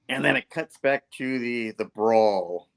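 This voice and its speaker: A man's voice: mid-range voice, gravelly. Chatty man retelling a comic story. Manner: animated retelling, full of "like" and "you know". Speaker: comic book reviewer. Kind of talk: casual chat.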